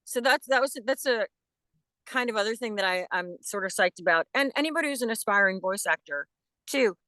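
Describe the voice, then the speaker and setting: A woman who is a voice actress, chatting as a guest in an interview with enthusiastic, animated talk and frequent restarts. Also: medium pitch, brisk, dry recording. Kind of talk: casual interview chat.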